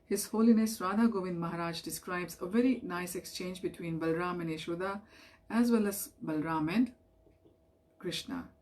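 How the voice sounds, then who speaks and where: A woman reading a devotional story aloud in a measured storytelling manner, lifting her voice for the quoted figures. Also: on the low side, a little mellow. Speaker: reader of devotional scripture.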